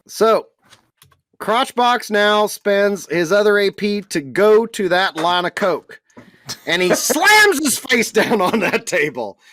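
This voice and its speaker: Laughing, animated game master. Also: mid-range voice, slow. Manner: laughs often while narrating, playful crude humor. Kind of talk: narrating a tabletop game with lots of laughter.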